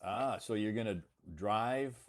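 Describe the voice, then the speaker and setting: An American man speaks in a very deep voice. He hosts a casual, friendly chat, slowing down and repeating things back so the other person can follow. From United States. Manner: friendly, slow and encouraging, repeats to clarify. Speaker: host.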